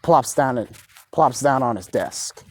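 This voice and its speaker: A man's voice: medium pitch, expressive, measured pace, darkish tone. A man narrating an improvised fan story in a casual, rambling way, with lots of fillers and swearing. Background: dogs barking.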